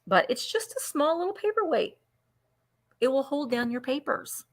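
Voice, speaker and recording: A woman's voice: high-pitched, lively intonation, normal speed. A woman hosting a live vintage sale, chatting casually and counting down bids aloud. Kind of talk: casual live-stream selling chat.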